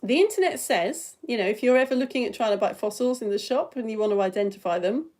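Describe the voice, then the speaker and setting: A woman from the United Kingdom presenting a live science show for children, chatty and excitable, talking straight to viewers and recorded on a phone indoors. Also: on the high side, fast. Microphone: phone camera.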